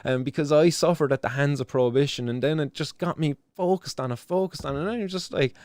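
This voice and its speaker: With a fairly high, slightly mellow voice and a quick pace, this young Irish man hosts a live stream recorded without room sound. His commentary is emotional and impassioned, peppered with swearing, frequent restarts and plenty of "do you know."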